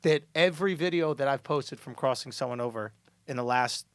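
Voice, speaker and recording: A man in his thirties hosting a podcast in casual comedic banter, loud and animated, mock-boastful and laughing often. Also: medium pitch, brisk, clean tone, no echo. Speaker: podcast host.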